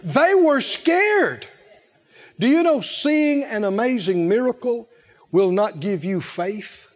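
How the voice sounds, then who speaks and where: A man preaching a sermon in an animated, humorous way, laughing often and calling out to the congregation. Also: very high-pitched, takes it slowly.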